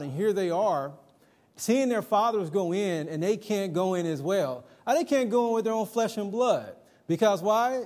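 High-voiced man preaching conversationally. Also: a little mellow. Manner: conversational, personal anecdotes, emphatic. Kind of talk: sermon to a young congregation.

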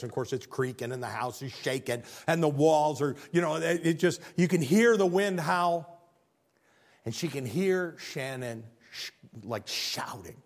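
A man preaching a sermon in church, telling stories with big swings from loud excitement to hushed earnestness. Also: on the high side.

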